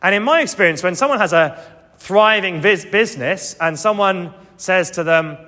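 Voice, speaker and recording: A man's voice: high voice, lively intonation, normal speed, bright, forceful tone, big-room sound. A man preaching a sermon, earnest and emphatic, coming back to key phrases again and again.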